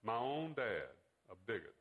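A man's voice: fairly low pitch, big pitch swings, a little slow, phone-quality sound. A man voicing an earnest teenage boy who confronts his father with pointed questions, in a read-aloud story. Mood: indignant.

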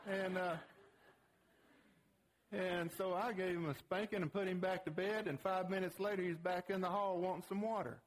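A middle-aged man teaching a parenting class, plain-spoken and folksy, telling a family story with casual grammar and frequent restarts. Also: sits high. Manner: halting restarts when animated. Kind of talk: folksy teaching talk with audience questions.

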